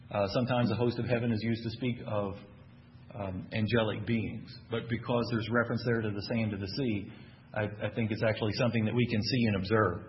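A man's voice: mid-range voice, muffled recording, a little hiss or hum. A man with a Texan accent preaching a sermon, who keeps asking the congregation questions and answers them with emphatic bursts. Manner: asks the audience questions, animated and emphatic.

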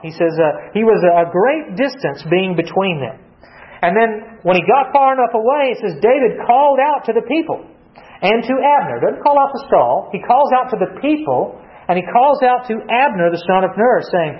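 A man preaching an expository sermon in a conversational way, asking rhetorical questions and acting out quoted lines. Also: high-pitched. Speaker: pastor. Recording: dull lo-fi sound.

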